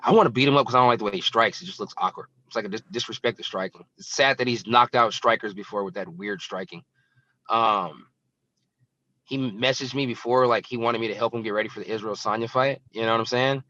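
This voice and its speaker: A man's voice: lowish voice, fast talker, sharp tone, no echo, muffled recording. A young adult man, a fighter, talking bluntly and casually in an interview, with lots of fillers. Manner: blunt, rambling, filler-heavy. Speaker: guest fighter.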